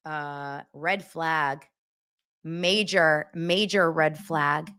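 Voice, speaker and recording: A woman hosting a pop culture show who recaps reality TV in a blunt, profane, animated style. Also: deep voice, a little slow. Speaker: pop culture podcast host. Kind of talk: casual gossip recap.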